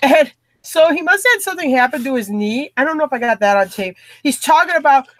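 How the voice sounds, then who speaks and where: A woman's voice: sits high, animated, fast, fairly bright tone, no echo. A woman co-hosting a live reseller show in casual chat, telling stories and mimicking people she met.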